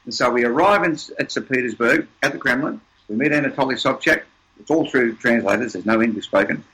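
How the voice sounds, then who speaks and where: Emphatic older man with a bright voice. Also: mid-range voice, fairly quick, poor audio. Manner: emphatic, repeats words, upbeat. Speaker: interview guest. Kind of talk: motivational storytelling.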